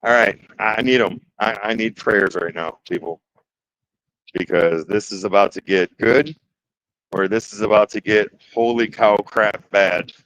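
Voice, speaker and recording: Lo-fi sound with slight background noise carries a Detroit, Michigan man's voice, on the low side with fairly even intonation, a fairly bright tone and a measured pace. On his relaxed woodworking livestream he jokes, reads chat out loud and nervously exclaims while he works.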